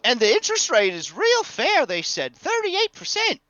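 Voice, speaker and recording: A man's voice: extremely high pitch, huge pitch swings, moderate pace, bright, forceful tone, muffled recording, faint music behind, pitched above the performer's own voice, full character voice. A man voicing Gus, an eager, chatty and simple-minded young male dinosaur rancher.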